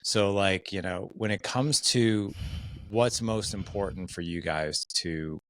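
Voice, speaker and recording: A man's voice: low-pitched, slow, fairly bright tone. A man hosting a podcast in casual conversation, upbeat and affirming, asking curious questions. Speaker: podcast host.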